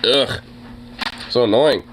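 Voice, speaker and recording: A man's voice: mid-range voice, slow, a little hiss or hum, low-quality recording. A young man with a sore throat, chatting casually as a podcast host, rambling with lots of fillers and swearing. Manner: rambling, filler-heavy, profane. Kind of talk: casual chat reacting to videos.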